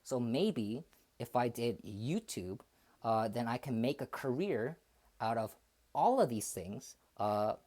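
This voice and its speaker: A man's voice: mid-range voice, expressive, takes it slowly, darkish tone. Hesitant, reflective young man. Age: 20s. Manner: hesitant and reflective, many fillers and restarts. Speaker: streamer. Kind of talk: casual livestream chat.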